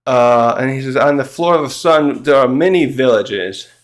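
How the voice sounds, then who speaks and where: A man recapping a manga chapter in casual chat, rambling and halting, often laughing and acting out the characters' lines. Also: medium pitch, expressive. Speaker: manga reviewer.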